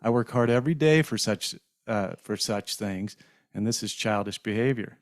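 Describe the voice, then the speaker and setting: A man's voice: on the low side, normal speed, no room sound, clean studio sound, natural voice. A man reading as a stern tired father.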